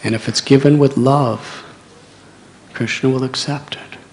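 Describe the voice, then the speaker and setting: A man's voice: medium pitch, fairly even intonation, measured pace, darkish tone, slight background noise. A man, telling a story in a sermon with dramatic swells. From United States. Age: 60s. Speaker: monk preacher.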